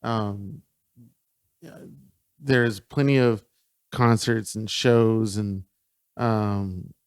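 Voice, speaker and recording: A man's voice: on the low side, steady tone, very slow, clean tone, no room sound. A man hosting a podcast, talking in a hesitant, casual way with many fillers. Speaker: podcast host. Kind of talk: casual chat.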